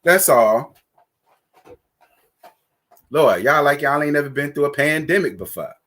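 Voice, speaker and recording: A man hosting a casual live stream who chats with his viewers in a sassy, blunt and profane way, giving shout-outs and calling for likes. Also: fairly high pitch, lively intonation, unhurried.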